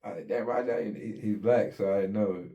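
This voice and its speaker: A man's voice: fairly low pitch, a little fast, highs cut off. A man casually telling his own story in an interview, in laid-back street slang with plenty of swearing, acting out what people said.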